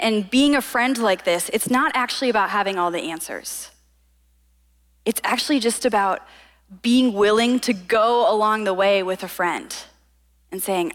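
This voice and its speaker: A young woman giving a casual, conversational sermon full of quick asides. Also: mid-range voice, a bit bright, big-room sound. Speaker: preacher.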